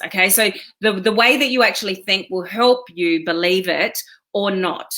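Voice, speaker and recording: Chatty woman with a bright voice. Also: medium pitch, normal speed. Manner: chatty, encouraging, with many fillers and quoted self-talk. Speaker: online business coach. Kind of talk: casual motivational talk to an online community.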